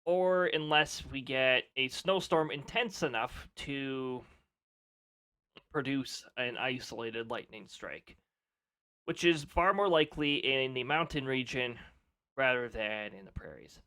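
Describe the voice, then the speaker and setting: A man's voice: medium pitch, slow, pushed and bright, clean tone. A man chatting casually on a live stream, laughing often and reading off weather details.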